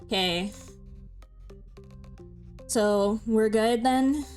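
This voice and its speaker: A woman's voice: fairly high pitch, very slow, darkish tone, soft background music. A young woman streaming a game, chatting casually with a co-player, agreeing often and giggling as she thinks aloud. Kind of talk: casual let's-play chat.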